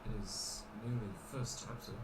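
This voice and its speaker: A man's voice: fairly low pitch, steady tone, normal speed, roomy sound, very noisy, natural voice. A man voicing an earnest, eager male writer in a horror game cut-scene. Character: hopeful male writer finishing his novel.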